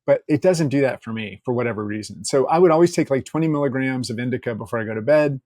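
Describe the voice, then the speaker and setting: A man telling stories as a podcast guest, casual and animated, laughing often and acting out quotes. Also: medium pitch, fast, no echo, studio quality. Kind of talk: casual interview storytelling.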